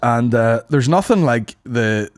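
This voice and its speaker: A man's voice: medium pitch, expressive, measured pace, no room sound, clean studio sound. A man, telling crude stories in a rambling, casual way as a podcast co-host. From Northern Ireland. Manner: crude, rambling storyteller, swears a lot. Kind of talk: casual comedy chat.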